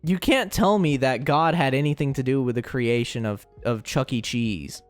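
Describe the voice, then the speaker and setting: A man's voice: medium pitch, normal speed, faint music behind. A young man streamer in casual chat, rambling and joking, often stumbling and repeating words.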